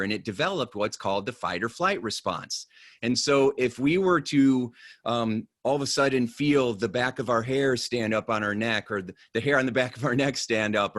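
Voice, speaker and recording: A man giving a motivational presentation in a conversational, energetic way, with lively storytelling. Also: mid-range voice, dry recording, clean studio sound. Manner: energetic, conversational, animated in stories. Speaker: motivational speaker.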